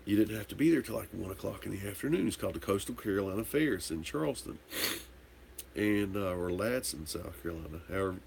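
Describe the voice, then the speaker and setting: Gravelly tipsy man rambling a story. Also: lowish voice, expressive, fast talker, a little mellow, slight background noise. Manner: rambling, candid, swears casually. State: tipsy from drinking. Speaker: livestream host answering viewer comments. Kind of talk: casual storytelling chat.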